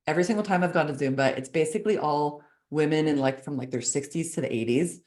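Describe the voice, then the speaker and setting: A woman's voice: sits low, quick pace, a little mellow, echoey room. A woman in her thirties, a coach speaking as a podcast guest, talking in a casual, chatty way with frequent laughs and lots of "like" fillers. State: four months pregnant. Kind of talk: casual conversational interview.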